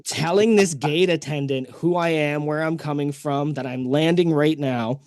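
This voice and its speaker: Speaking at a normal speed with a fairly high pitch, a man hosting a podcast chats casually through a long story. He brings it to life by acting out the people he quotes, and the audio carries no room sound.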